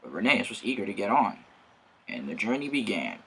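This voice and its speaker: A man narrating a children's train story in a lively storyteller's manner. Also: fairly low pitch, a little fast, gravelly, slightly rough.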